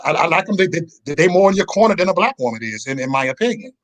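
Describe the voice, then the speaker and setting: A man's voice: a little high, sing-song, fast talker, fairly bright tone. A man speaking as a guest on an online panel, emphatic and stammering, calling himself an aggressive person. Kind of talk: casual panel chat.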